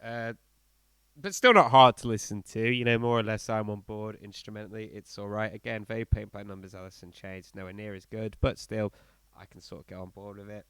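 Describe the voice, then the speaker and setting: Smooth-voiced man bluntly reviewing music. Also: lowish voice, brisk, dry recording. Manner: animated, blunt, many fillers and restarts. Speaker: podcast co-host. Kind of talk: casual album review chat.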